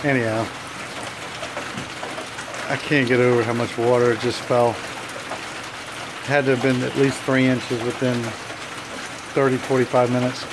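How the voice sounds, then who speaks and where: A man chatting casually in a video diary outdoors on his farm, with a relaxed manner. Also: mid-range voice, unhurried, pauses often. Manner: relaxed, chatty, repeats "anyhow". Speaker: vlogger. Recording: outdoor camera audio with rain noise. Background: rain.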